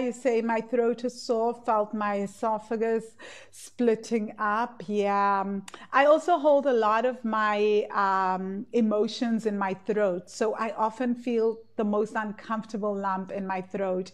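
A woman leading a live online class, reading out participants' comments and guiding them gently with many "right?" tags and fillers. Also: mid-range voice.

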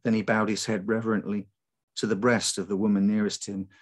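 Male storyteller, lower pitch, measured live reading of a folk horror tale. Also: level tone. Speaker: writer reading his story.

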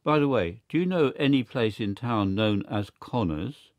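A man voicing a cool, confident male secret service agent who talks briskly and matter-of-factly. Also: medium pitch, lively intonation, no echo, close to an everyday voice.

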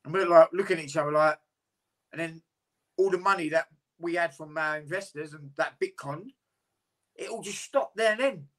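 Candid man, bright voice. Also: fairly high pitch, moderate pace, long pauses. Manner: candid, rambling, swears freely. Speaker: interview guest, boxer. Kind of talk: casual interview chat.

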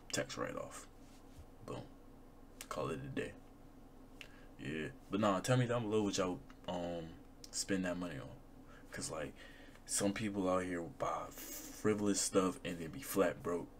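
A man's voice: sits low, a little hiss or hum. A young man with a Southern US accent, rambling in slangy, laid-back reaction commentary. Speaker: YouTuber reacting to videos.

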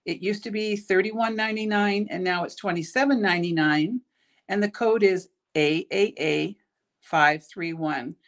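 Tired middle-aged woman, shop host, chatty and rambling, stumbles over her words, mid-pitched voice. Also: moderate pace. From Canada. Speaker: bead shop owner hosting a live product show. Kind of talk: casual live product showcase.

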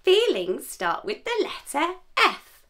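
A woman's voice: sits high, wildly swooping pitch, slow, bright, forceful tone. A young woman hosting a toddler lesson, talking in an exaggerated sing-song way with gasps of wonder. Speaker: children's teacher host.

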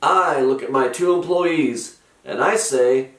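A man's voice: medium pitch, slow pace, a bit bright, distant mic. A middle-aged man telling comic stories in a dry, grumpy, sardonic way. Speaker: comedic storyteller host. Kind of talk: deadpan comic retail storytelling. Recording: roomy echo, from off-mic.

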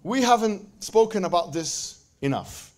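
A man giving a lively religious lecture to a live audience, joking and bantering with the crowd and quoting verses in quick Arabic recitation. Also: high voice. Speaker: speaker at a religious event.

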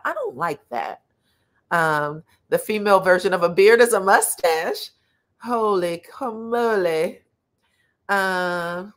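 A woman chats through reality TV gossip and viewer comments. Her voice sits a little low. She talks casually, drawling with slang. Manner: sassy, uses slang like child and delulu.

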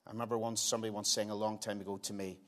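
Earnest older pastor preaching. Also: male voice, fairly low pitch, level tone. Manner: earnest, swings between emphatic loud lines and quiet slowed asides. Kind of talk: sermon. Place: church sanctuary.

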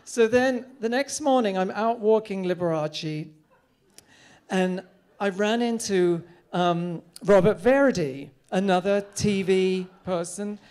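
A man's voice: high voice, slow pace, a little mellow, smooth. A middle-aged man telling a comic story on stage in a witty, theatrical, camp manner.

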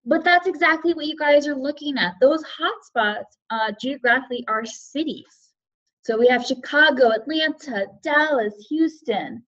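A woman with a high voice leads a live online lesson for teachers, picking up names and guesses from the chat and answering each in turn. Her audio comes through dull and lo-fi, like a typical webinar feed. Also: expressive, moderate pace, a bit bright. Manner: friendly, reads out chat guesses and thanks participants. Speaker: webinar presenter for educators.

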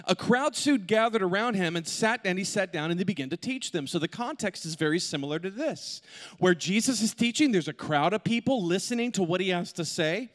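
A middle-aged male pastor telling a funny personal story in an animated way, with asides to the congregation. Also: high voice, brisk. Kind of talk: sermon with humorous personal story. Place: large church auditorium. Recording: long hall reverb.

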